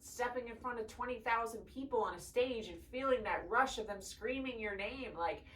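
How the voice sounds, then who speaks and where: A woman's voice: fairly high pitch, normal speed, fairly bright tone, far from the mic, low-quality recording. A young woman hosting a podcast, chatting candidly and emotionally, swearing freely and choking up at times. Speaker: podcast host. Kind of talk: casual personal chat.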